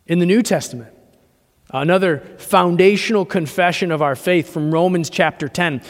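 A man's voice: high-pitched, moderate pace. A man preaching a sermon as pastor, earnest and repetitive, with fillers and restarts. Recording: long church reverb.

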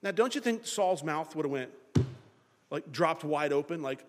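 A man preaching a sermon in an animated way, acting out the thoughts of the people in his story. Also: a little high, normal speed, big-room sound. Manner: animated, acts out characters' thoughts in dialogue.

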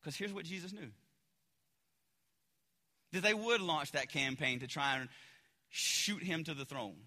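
A male pastor preaching a sermon in a casual, animated storytelling way with lots of fillers. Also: on the high side, measured pace, big-room sound.

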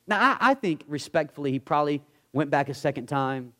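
A man preaching a sermon as a guest pastor, acting out characters in lowered voices. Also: fairly quick, hardly any pauses. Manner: animated, acts out bible characters in dropped voices.

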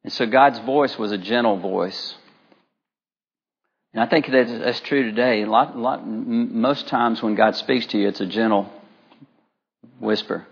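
A middle-aged man preaches to his congregation in a loose, chatty way, leaning on stories and filler words. His voice sits at an ordinary middle pitch. The recording is a little dull and muffled. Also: a little slow, slightly rough. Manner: conversational, anecdotal, with frequent fillers. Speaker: pastor. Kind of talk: sermon.

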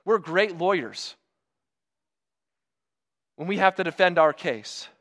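A man preaching a sermon, earnest and emphatic, asking rhetorical questions and slowing down for dramatic pauses. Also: sits high, lively intonation, a bit bright.

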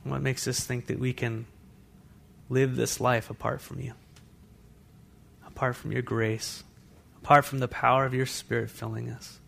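A man preaching a sermon as pastor to a congregation in a church, animated, with asides to the listeners. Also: mid-range voice, unhurried, vocal fry, pauses often.

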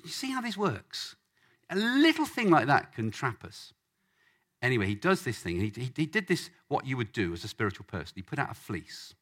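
A man preaching a sermon as a lively story, acting out the voices of the people in it. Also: mid-range voice, moderate pace. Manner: animated, acts out voices in the story.

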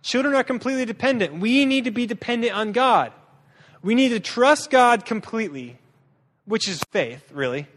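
A man giving a sermon as a guest preacher, lively and humorous, often restarting his sentences. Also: very high-pitched, normal speed. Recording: long reverb of a large hall.

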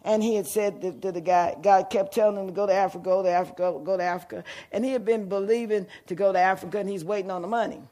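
A middle-aged man preaching a sermon, telling a story and calling out to the congregation, rising to shouts at the peaks. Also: high-pitched, fairly even intonation, fast, few pauses. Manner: fervent call-and-response preaching, shouting at peaks.

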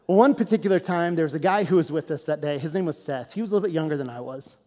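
High-voiced male pastor in a reverberant hall. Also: very fast. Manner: conversational, animated storytelling that turns to earnest, quieter teaching. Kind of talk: storytelling sermon.

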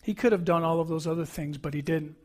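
A man's voice: on the high side, fairly even intonation, fast. A middle-aged man preaching a sermon as pastor, earnest and emphatic, repeating key phrases.

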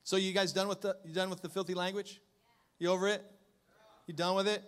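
A male pastor preaching a sermon, joking with the congregation and swinging from low asides to loud, emphatic lines. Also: little pitch movement, a little fast.

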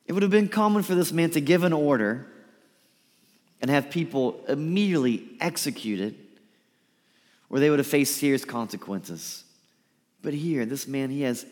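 A man preaching a sermon, lively and emphatic, sometimes dropping to a soft pleading voice to act out a quote. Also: mid-range voice. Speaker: pastor. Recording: reverberant hall.

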